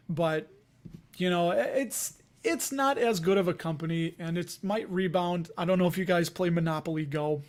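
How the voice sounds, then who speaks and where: A man with a Chicago accent hosting a casual livestream, rambling and chatty, laughing often as he talks to viewers. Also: high-pitched. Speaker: investing livestream host.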